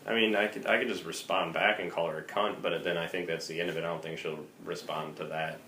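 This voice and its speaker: Very deep-voiced man, wry and teasing. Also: steady tone, fast, sharp tone. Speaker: podcast co-host. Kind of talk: casual chat. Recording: roomy phone recording with faint noise.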